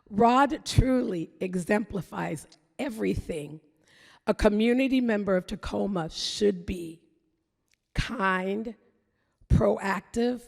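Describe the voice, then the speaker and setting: A woman presenting an award at a ceremony, reading a prepared tribute in a measured way. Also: mid-range voice, creaky, a little mellow. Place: large event hall. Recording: reverberant hall with audience.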